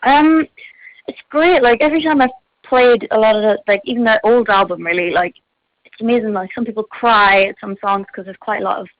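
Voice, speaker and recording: A woman's voice: fairly high pitch, a little fast, no room sound. A teenage girl, a singer being interviewed, chatting in a bubbly way with lots of fillers and giggles. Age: teens. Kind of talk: casual chat. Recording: phone line, dull and dry.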